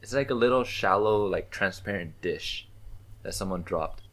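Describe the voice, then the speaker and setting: A man's voice: on the low side, normal speed, a bit bright. A young man co-hosting a casual chat with friends, joking in a wry, playful way.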